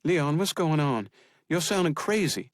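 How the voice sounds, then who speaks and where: A man's voice: on the high side, animated, measured pace, dry recording, pitched above the performer's own voice. A man voicing a worried adult sister in an audiobook, anxious and defensive.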